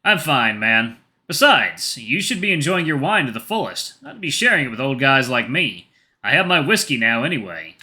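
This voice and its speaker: Visual novel role: a man doing a teasing, flirty big tiger, sharp bright tone, lively playful lines. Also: mid-range voice, moderate pace. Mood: friendly. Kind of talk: visual novel read aloud.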